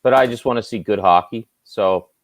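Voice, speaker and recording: Chatty Maritime Canadian man, lowish voice. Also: normal speed. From Nova Scotia, Canada. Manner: relaxed, chatty, self-deprecating. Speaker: guest, sports anchor. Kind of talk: casual interview chat.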